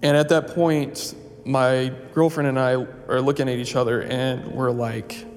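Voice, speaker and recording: A man's voice: mid-range voice, little pitch movement, measured pace. A man telling a personal story in a casual, rambling way, full of fillers and restarts. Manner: rambling, full of "like" and "you know". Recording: long reverb, faint music.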